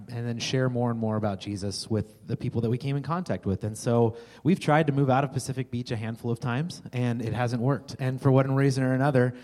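A man speaking to a church congregation in an easygoing, halting way, with many fillers. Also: mid-range voice, dark tone. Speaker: church member speaking locally. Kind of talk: church talk. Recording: long hall reverb.

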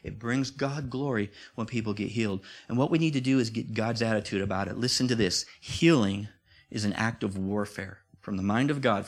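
Man preaching in a conversational way. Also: fairly low pitch. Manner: conversational, repeats himself, rises to emphatic peaks. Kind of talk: sermon.

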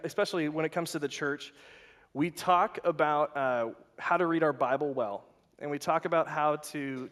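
A man giving a sermon as a guest speaker at a worship night, lively and repeating his questions, with frequent restarts. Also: a little high.

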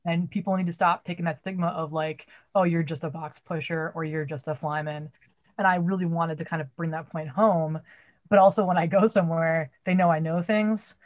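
A woman in her forties from Massachusetts with a Massachusetts accent, a theater rigger talking loudly and bluntly and swearing a lot in casual podcast chat. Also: fairly low pitch, fairly even intonation, fairly quick, lo-fi sound. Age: 40s.

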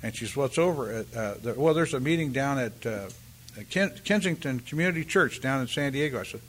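An older man giving a halting, rambling personal share at a recovery meeting, full of restarts and "you know," and acting out the voices of the people in his story. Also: mid-range voice, animated, a bit bright, slight background noise. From California, US. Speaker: speaker sharing at a recovery meeting.

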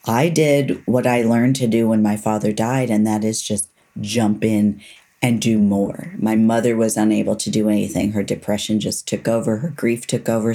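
A middle-aged woman, a neuropsychologist guest, speaking earnestly and candidly about her past. She slows down to stress her key points. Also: very deep voice, warm tone. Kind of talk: personal storytelling in a conversation.

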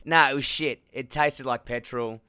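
On a casual podcast, a young Australian co-host recounts a story with swearing and put-on outrage. He talks at a normal speed with fairly even intonation, his mid-range voice pushed, bright, and clean. The sound is from a phone or laptop call from abroad.

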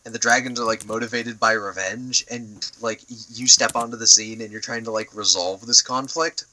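A young man on a podcast, rambling through his stories with fillers and swearing as he goes. His voice is very bright and forward, with a middling pitch. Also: fairly even intonation, normal speed, poor audio. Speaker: podcast co-host. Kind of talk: casual chat.

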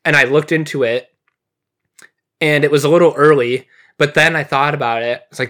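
Male podcast co-host, easygoing and loose, a bit higher-voiced. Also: a little fast. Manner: relaxed, casual, swears. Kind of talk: casual chat.

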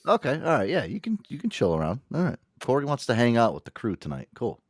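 Male talk host, profane and playful, lively swinging pitch. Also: fast, dry recording, clean studio sound. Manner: animated, profane, jokey. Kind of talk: casual podcast banter.

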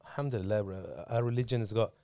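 A man's voice: fairly low pitch, quick pace, dark tone, no echo. A man hosting a casual religious talk, emphatic and preachy, pushing up his voice to stress points.

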